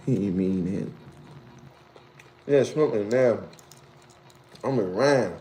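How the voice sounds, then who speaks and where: A man hosting a casual live stream, reading viewer comments with loose slangy talk and frequent laughter, jumping to a high incredulous pitch when he teases. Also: slow, long pauses, mellow, slight background noise.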